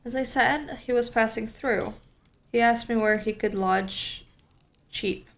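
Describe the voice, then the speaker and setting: A woman's voice: a little high, takes it slowly, fairly bright tone. A woman voicing a cheerful middle-aged Greek man who runs a restaurant, speaking in a friendly, chatty way.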